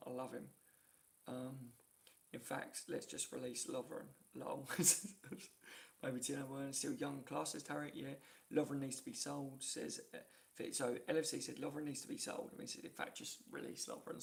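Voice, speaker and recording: A man's voice: medium pitch, creaky. A man hosting a casual live stream from his phone, reading viewer comments aloud and laughing often. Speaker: YouTube live-stream host.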